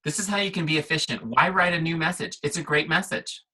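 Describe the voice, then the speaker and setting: A middle-aged man as a guest trainer, walking a team call through software in an upbeat, punchy way and checking in with listeners. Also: on the high side, fast, slight background noise, poor audio.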